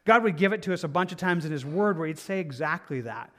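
High-voiced man preaching earnestly. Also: expressive, fast, hardly any pauses, fairly bright tone. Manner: earnest, conversational, with asides and emphatic repeats. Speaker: pastor. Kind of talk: sermon.

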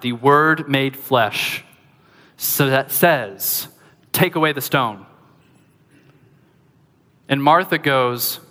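A man preaching a sermon as pastor, lively and conversational, with joking asides to the congregation. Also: medium pitch, in a large hall.

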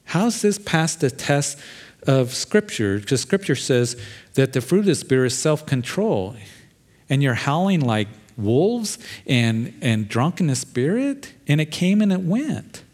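A man's voice: a little high, sing-song, unhurried, darkish tone. A middle-aged pastor preaching a sermon in a conversational, plain-spoken way, acting out quoted voices as he goes.

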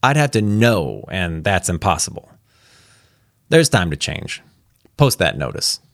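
Man doing a gruff barking army general. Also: low voice, wildly swooping pitch, unhurried, fairly bright tone, dry recording, studio quality, heavily acted. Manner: barking, abrupt orders.

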